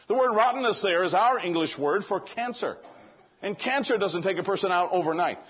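A man's voice: on the high side, slightly rough, highs cut off. A man preaching a sermon in a conversational storytelling way, acting out quoted dialogue.

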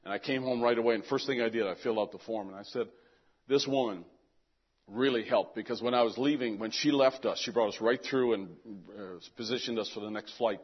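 A man's voice: medium pitch, brisk, breathy edge, muffled recording. An older man telling a personal story in a casual, rambling way, often repeating words as he goes.

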